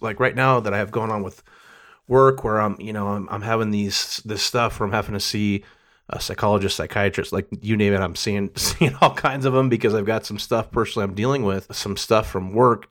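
A middle-aged man giving a candid personal monologue, emotional and profane, rambling with restarts. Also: fairly low pitch.

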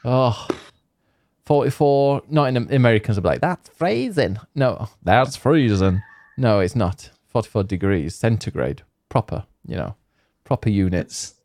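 A man with a fairly low voice hosts a casual podcast, full of rambling jokes and self-mockery. The sound is dry and close, with no room around it. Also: lively intonation, moderate pace, darkish tone, no echo. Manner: jokey, rambling, self-mocking. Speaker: podcast host. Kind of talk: casual banter.

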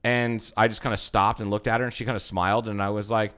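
A man in his thirties, a bartender hosting a casual podcast, telling animated, profane stories and acting out the people in them. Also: lowish voice, fast, few pauses, clean tone. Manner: animated storyteller, swears a lot, acts out quotes.

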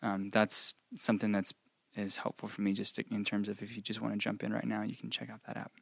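A man's voice: lowish voice, completely flat delivery, quick pace, gravelly, a bit bright, no room sound. A man hosting a podcast, chatting casually in an encouraging, thankful way. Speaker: podcast host. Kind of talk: casual chat.

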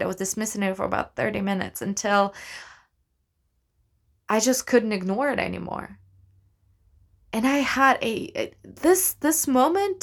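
An earnest woman talks through a reflective solo podcast at a slow, unhurried pace. She is thoughtful and sincere, often stopping and restarting her phrases. Her pitch sits in a middle range for a woman. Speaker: podcast host, actor.

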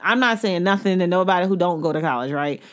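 Fast-talking emphatic young woman. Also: on the low side. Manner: emphatic, informal, mild cursing. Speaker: podcast co-host. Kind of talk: casual chat.

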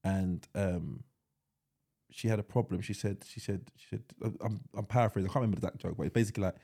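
A man co-hosting a podcast in casual chat, excitable and teasing, often repeating his words as he talks. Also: fairly low pitch, fast talker, husky. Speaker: podcast co-host.

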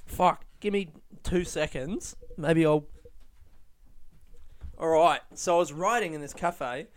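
A man's voice: fairly high pitch, slow. Rambling, profane man on a podcast. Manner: rambling, profane, self-mocking. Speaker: podcast host. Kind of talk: casual solo podcast monologue. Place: London, UK.

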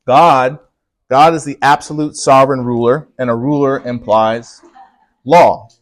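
Guy preaching a sermon, punchy stress on words, mid-pitched voice, chats with the crowd. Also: steady tone, a little slow, no room sound. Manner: emphatic, punches key words, talks with the congregation. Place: church with congregation.

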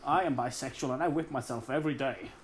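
A man co-hosting a podcast, cracking profane jokes and reacting with animated banter. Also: mid-range voice, fast talker, slight background noise. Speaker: podcast co-host. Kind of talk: casual comedic chat.

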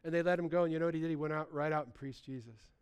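High-voiced smooth-toned male preacher. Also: racing. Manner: animated, conversational preaching with repeated restarts. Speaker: pastor. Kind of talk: sermon.

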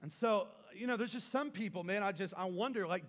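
A man preaching a sermon as pastor, swinging between loud rallying calls and quiet, intimate stretches. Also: high voice, quick pace, few pauses.

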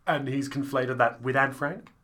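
A man's voice: mid-range voice, steady tone, moderate pace, a bit bright. A young man co-hosting a podcast, chatting casually with dry, teasing remarks. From Australia. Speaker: podcast co-host. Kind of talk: casual chat.

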